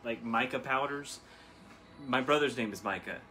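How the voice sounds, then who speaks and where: A man's voice: mid-range voice, moderate pace, pushed and bright, soft background music. A man co-hosting a crafting video, chatting casually in a laid-back, teasing way. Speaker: co-host of a crafting channel. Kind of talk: casual chat while crafting.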